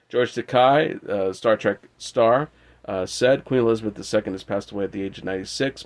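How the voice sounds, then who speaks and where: A man hosting an entertainment news show, reading out tributes in a steady, measured way. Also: fairly low pitch. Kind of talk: reading news and quotes aloud.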